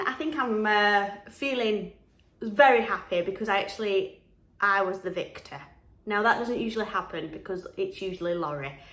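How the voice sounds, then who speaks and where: A woman, vlogging in a casual, chatty and upbeat way with frequent laughs. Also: mid-range voice. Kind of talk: casual chat to camera. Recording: echoey room with faint music.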